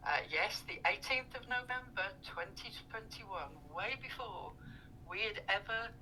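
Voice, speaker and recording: Woman co-host, bright, crisp tone, halting with filler words. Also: mid-range voice, a little hiss or hum, poor audio. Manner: hesitant, many ums and uhs. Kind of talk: casual discussion.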